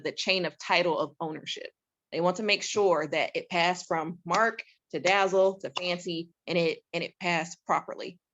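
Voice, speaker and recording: Chatty woman with a gravelly, lo-fi voice. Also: lowish voice, fairly bright tone. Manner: chatty, laughs often, many fillers. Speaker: guest real estate investor. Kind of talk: casual instructional talk.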